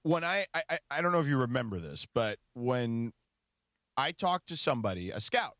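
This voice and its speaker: A man's voice: medium pitch, big pitch swings, moderate pace, a bit bright, dry recording. A man hosting a sports radio show, chatting casually and often restarting his sentences in a studio.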